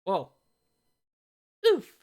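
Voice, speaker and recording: A woman's voice: very slow, mellow, soft background music. A woman casually commenting as she plays a video game on a live stream, chatty and joking. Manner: chatty and joking, reacts with laughs and asides.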